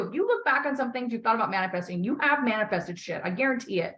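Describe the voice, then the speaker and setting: A woman coaching a client over a call, with a forceful voice pitched slightly above the middle. She talks bluntly and swears freely. She keeps repeating her key points to encourage the client. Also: lively intonation, fast, few pauses. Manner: blunt, emphatic, swears often. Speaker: life coach.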